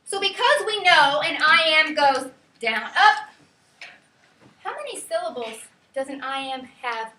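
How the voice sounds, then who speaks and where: A woman teacher giving a lively classroom lecture, quizzing her students and counting out rhythms aloud. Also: sits high, slow. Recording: echoey classroom from far off, faint hiss.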